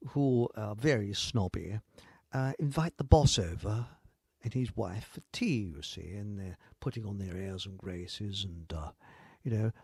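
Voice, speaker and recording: A man's voice: lowish voice, expressive, measured pace, vocal fry, darkish tone, breathy edge, dry recording. An older man hosts a live online talk show, rambling casually in a salty, chuckling way. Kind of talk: casual live-stream chat and joke telling.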